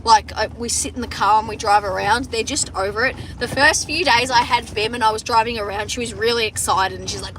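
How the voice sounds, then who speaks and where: A young Australian woman livestreams from her phone's front camera while sitting in a car on a farm, chatting casually with viewers. Her voice is a little high and fairly bright, and she talks fairly quickly with hardly any pauses, swearing often and restarting sentences. There's slight background noise.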